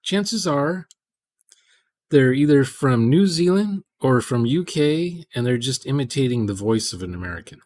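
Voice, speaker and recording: A man's voice: mid-range voice, animated, unhurried, a little mellow, no echo. A man hosting a programming livestream, rambling in casual chat and muttering to himself as he codes. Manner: rambling, muttering asides while coding.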